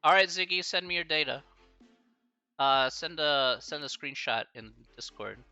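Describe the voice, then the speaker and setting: A man's voice: fairly high pitch, lively intonation, moderate pace, pushed and bright, clean tone, no echo, highs cut off, soft background music. A man from the United States tutoring math on a live stream, chatty and encouraging, laughing often. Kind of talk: casual livestream tutoring chat.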